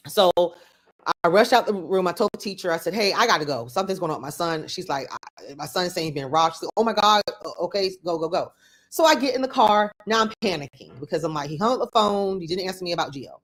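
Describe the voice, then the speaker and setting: Podcast host, middle-aged woman, lower pitch, conversational storyteller who acts out dialogue. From Florida. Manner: conversational, repeats herself, quotes others aloud. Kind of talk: personal storytelling.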